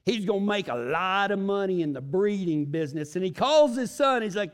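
A pastor with a fairly high voice delivers a sermon that rises to loud, emphatic lines and drops to hushed, slow ones. He mixes in lighthearted joking asides along the way. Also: expressive.

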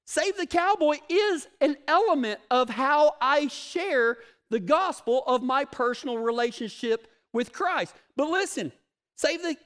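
A middle-aged man with a fairly high voice preaches a plainspoken, folksy sermon. He is emphatic and drives his points home by repeating them. His voice rings out with a long reverb tail. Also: a bit bright. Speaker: cowboy ministry leader.

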